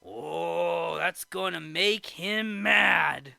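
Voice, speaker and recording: A man voicing a fretful, soft-hearted old male woodcarver who exclaims often. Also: a little high, very slow, creaky, dry recording, heavily acted. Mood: worried.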